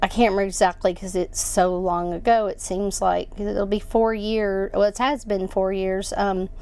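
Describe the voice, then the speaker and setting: A woman giving a personal account as an interview guest, halting and emotional, with many restarts. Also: mid-range voice, little pitch movement, warm tone, clean tone.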